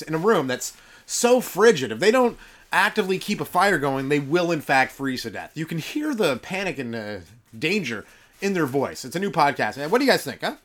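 Lively man riffing on a comedy podcast. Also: a little high. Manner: joking, riffing, chuckles at own jokes. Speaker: stand-up comedian hosting a podcast. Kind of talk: rambling comic monologue. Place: very cold room kept warm with a wood fire.

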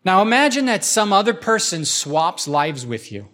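A man's voice: high-pitched, very animated, normal speed, sharp tone. A man preaching a conversational sermon as pastor, slipping into imagined voices as he talks.

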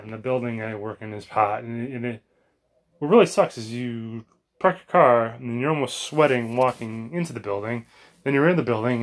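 An American man rambling in a casual monologue at home, sweaty from exercise, full of fillers and restarts. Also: mid-range voice. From United States. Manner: chatty, meandering, frequent fillers and restarts. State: sweaty and warmed up after exercise. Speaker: vlogger. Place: home bedroom.

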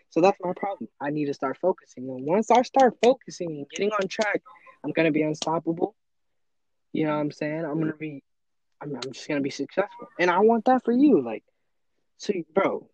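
A man's voice: a little high, a little mellow, muffled recording. A teenage boy in casual chat, earnest and motivational, often acting out his own inner voice. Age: teens. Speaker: podcast co-host.

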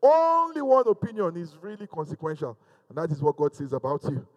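Guy preaching a sermon, high voice, repeats lines louder and louder, jokes around with the church. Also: wildly swooping pitch, a little fast, poor audio. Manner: preaching with rising, emphatic repetition; jokes with the congregation. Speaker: pastor.

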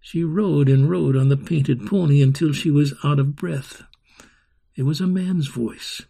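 A male storyteller with a somewhat high, gravelly voice reads a dramatic tale at a very slow, measured pace. He leans into rhythm and sung sound effects. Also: dark tone.

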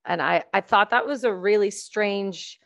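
A woman's voice: medium pitch, unhurried, vocal fry, a bit bright, dry recording, muffled recording. A woman hosting a podcast, interviewing a guest in an enthusiastic, conversational way. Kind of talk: casual interview.

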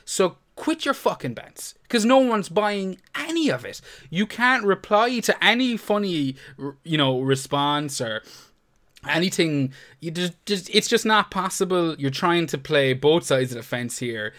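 A young man co-hosting a casual podcast, ranting with lots of swearing and animated outbursts. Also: fairly high pitch, measured pace. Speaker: podcast co-host.

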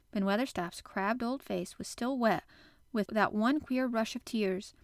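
A woman host narrating a classic novel chapter in an expressive, animated way. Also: a little high, a little slow, no echo, studio quality. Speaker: podcast host and reader. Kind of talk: audiobook narration.

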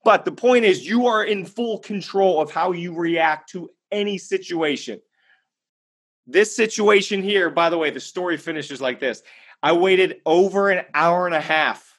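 A man with a slightly high-pitched voice delivering a motivational talk. He speaks emphatically and bluntly, storytelling with energy. He poses rhetorical questions and answers them himself. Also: a little slow, fairly bright tone. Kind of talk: motivational monologue.

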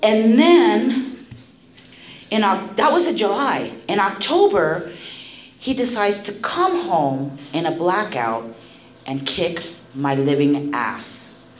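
A woman giving candid spoken testimony at a recovery meeting, blunt and profane, telling her story with animated delivery. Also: medium pitch, slow. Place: meeting room. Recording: echoey room, faint noise.

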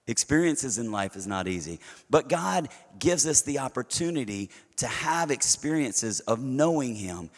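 A middle-aged man preaching a sermon to a church congregation. He talks in a conversational way, throws rhetorical questions at the listeners and often stumbles into repeated words as he restarts phrases. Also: mid-range voice. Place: church sanctuary. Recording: long hall reverb.

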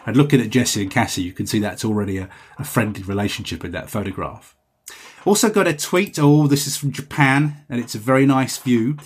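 A man's voice: mid-range voice, brisk, slightly rough. A man hosting a podcast, chatting casually and reading out listener messages in a rambling, self-correcting way. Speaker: podcast host.

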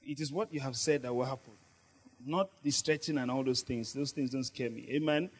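A man's voice: medium pitch, fairly quick, husky. A man preaching a sermon, laughing often and calling on his congregation to answer back. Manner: lively, laughing often, call-and-response with the congregation.

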